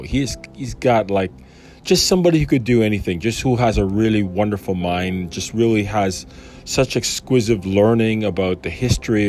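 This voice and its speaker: A man's voice: fairly low pitch, darkish tone. A man casually reading a Bible chapter aloud and commenting on it, enthusiastic and rambling with many fillers.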